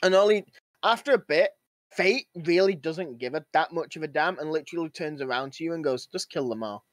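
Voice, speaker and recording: Podcast co-host, male, slightly high, acts out the characters in his stories. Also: brisk, no room sound. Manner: animated storytelling, acts out characters. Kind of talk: casual gaming podcast chat.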